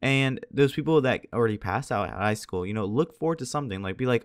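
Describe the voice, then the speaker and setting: A man's voice: mid-range voice, expressive, quick pace, no echo, clean studio sound. A teenage boy chatting casually over gameplay as a video commentator, tired and a little scratchy-voiced, rambling along and laughing at himself. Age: teens.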